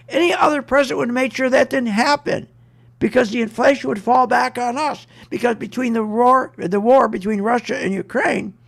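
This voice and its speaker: A man's voice: very high-pitched, gravelly, fairly bright tone. A man hosting a talk radio show, ranting indignantly about politics with mocking, sarcastic asides.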